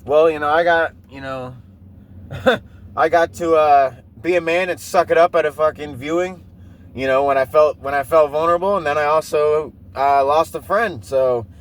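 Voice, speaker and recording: At normal speed and with a voice on the high side, a thirties-aged male podcast host rambles through a profane personal story in casual monologue, repeatedly breaking into laughter.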